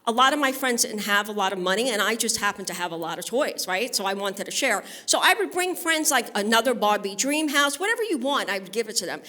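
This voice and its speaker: On stage at a live benefit event, a stand-up comedian from Brooklyn, New York, rattles through bawdy stories and crowd work in a brash, chatty style. Her mid-range voice is sing-song and pushed bright, coming fast with few pauses.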